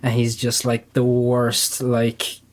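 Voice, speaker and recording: A man's voice: medium pitch, monotone, slow pace. A man co-hosting a casual panel discussion, rambling and swearing with lots of fillers. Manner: profane, rambling, many fillers. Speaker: podcast co-host.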